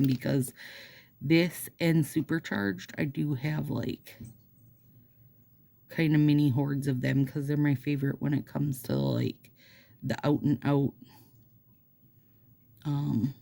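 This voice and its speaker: A middle-aged woman with a Minnesota accent talks to her viewers in a low, gravelly voice. She is unhurried and mellow, and she drifts between reading a passage aloud and chatting with rambling, self-deprecating asides. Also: no echo. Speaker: nail product vlogger. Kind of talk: casual chat while doing her nails, reading astrology text aloud.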